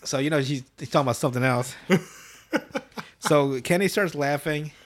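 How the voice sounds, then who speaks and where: Casual male podcast host, higher voice, profane and rambling. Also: normal speed. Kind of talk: casual episode recap.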